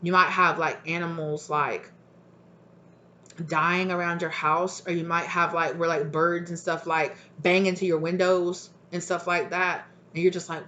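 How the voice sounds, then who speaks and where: A woman's voice: lowish voice, fairly even intonation, a little slow, pushed and bright, lo-fi sound, a little hiss or hum. A woman giving a casual tarot reading, talking bluntly with lots of fillers, swearing freely and acting out people's reactions in quoted voices. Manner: rambling with many fillers. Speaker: tarot reader.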